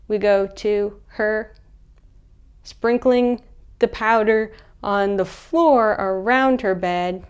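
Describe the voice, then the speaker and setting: A young woman casually recapping a movie in a chatty, animated way, acting out the characters' lines. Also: medium pitch, slow, clear, resonant tone. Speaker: movie reviewer.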